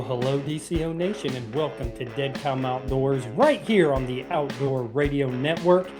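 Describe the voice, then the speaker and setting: A man hosting a radio show in a relaxed, chatty way, with plenty of "uh" and "um" fillers. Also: mid-range voice, normal speed, few pauses, over music. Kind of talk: casual radio show talk.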